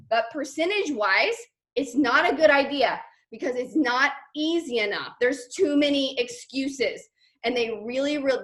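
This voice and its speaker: A woman leading a team call, talking in a chatty, animated way with lots of fillers. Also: sits high. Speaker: team leader on a sales call. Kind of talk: motivational team call talk.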